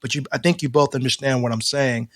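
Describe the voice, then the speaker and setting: A man co-hosting a podcast in casual chat, talking in stammering restarts and getting animated as he makes a point. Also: medium pitch, fast talker, no room sound, clean studio sound. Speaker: podcast co-host.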